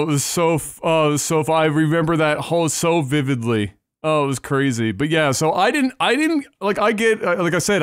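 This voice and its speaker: A man with a high voice tells a rambling story on a podcast, swearing freely and getting animated as he goes. The sound is dry and close, with no room around it. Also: no room sound. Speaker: podcast co-host. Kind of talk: casual storytelling chat.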